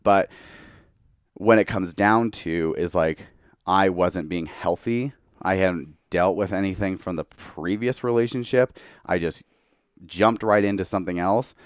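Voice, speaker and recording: This young man's deep, smooth voice comes at a slightly slow pace in a studio-quality recording without echo. A little tipsy from tequila, he's a candid podcast guest in casual chat who leans heavily on "like."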